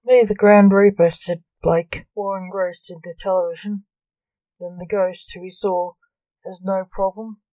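A woman reading a comic story aloud in a measured, gently expressive way. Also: fairly low pitch, dry recording, poor audio.

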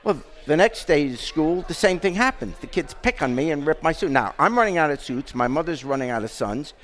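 A man's voice: on the high side, expressive, a little fast, a bit bright. An older man from England, hosting a podcast and telling a story in casual chat, with dry jokes. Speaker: podcast host.

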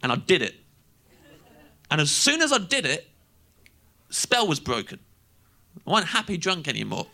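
A young English stand-up comedian tells a self-mocking story in a high, bright voice. His pitch swings all over, and he laughs through his lines. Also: huge pitch swings, normal speed, creaky, pauses often. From England.

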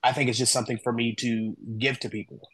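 A man talks as a podcast guest, recounting his path with animated storytelling. He slips into the voices of friends as he quotes them. His voice sits in an ordinary middle range, and the recording is close and dry. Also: mid-range voice, fast talker, husky, no echo, poor audio. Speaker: guest, human design reader and author.

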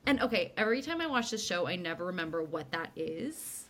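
A woman's voice: fairly low pitch, brisk, a little hiss or hum. A young woman co-hosting a podcast, chatting casually and acting out characters' lines as she recaps an episode. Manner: animated retelling, acts out characters' lines. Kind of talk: casual chat.

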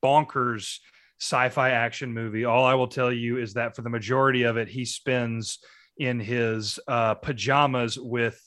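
Bright, dry-voiced man in movie chat. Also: medium pitch, steady tone, no echo. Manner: agreeable, quick affirmations, eager recommendations.

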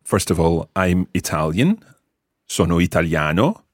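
A man's voice: low-pitched, animated, a little slow, dry recording, studio quality. A Scottish man hosting a podcast language lesson, patiently explaining and repeating words for his co-host. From Scotland.

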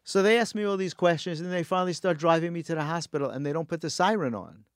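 A man telling a story in casual chat, wry and animated, acting out the people he met. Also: on the high side, fast talker, no room sound, clean studio sound.

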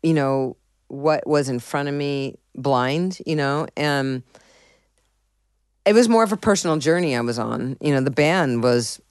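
A woman's voice: very deep voice, a little slow, smooth, no room sound, clean studio sound. A middle-aged woman musician telling stories in an interview, rambling and profane, full of restarts and fillers. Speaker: musician guest. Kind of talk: candid interview storytelling.

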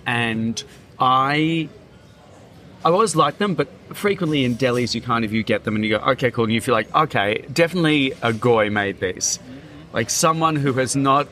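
A man guesting on a podcast, spinning lively, theatrical anecdotes in a relaxed chat. His voice is bright and tense, his pitch in the middle range for a man. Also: moderate pace, a little hiss or hum. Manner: vivid, theatrical storyteller. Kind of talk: casual storytelling chat.

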